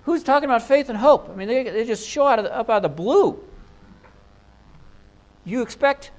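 A man's voice: extremely high pitch, lively intonation, moderate pace, darkish tone, poor audio. Earnest man preaching a Bible passage. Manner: earnest, thinking aloud with restarts and rhetorical questions. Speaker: pastor. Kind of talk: expository sermon.

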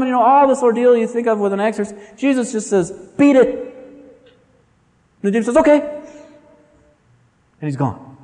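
A man preaching a sermon in an animated, dramatic storytelling manner. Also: very high-pitched, long reverb tail. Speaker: pastor.

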